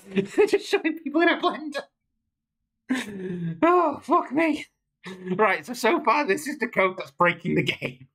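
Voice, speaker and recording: A woman's voice: mid-range voice, big pitch swings, a little slow, pauses often, fairly bright tone, breathy edge. A woman streaming her game development, talking casually, swearing and laughing helplessly as she works things out aloud. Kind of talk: casual livestream commentary.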